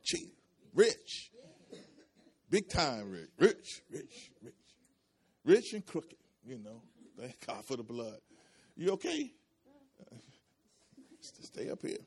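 Speaking slowly and pausing often, this pastor has a mid-range, slightly mellow voice that swings hugely in pitch. He preaches by repeating phrases and inviting the congregation to respond, his intensity rising and dropping.

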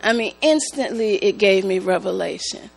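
A woman giving a church testimony, speaking in a slow, halting, emotional way. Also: medium pitch, gravelly, low-quality recording. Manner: slow, halting, emotional, prone to rising excitement. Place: church sanctuary. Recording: mains hum in the background.

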